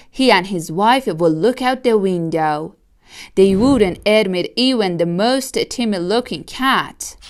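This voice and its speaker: Slow, clear woman reading a storybook. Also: mid-range voice. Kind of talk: reading a picture book aloud.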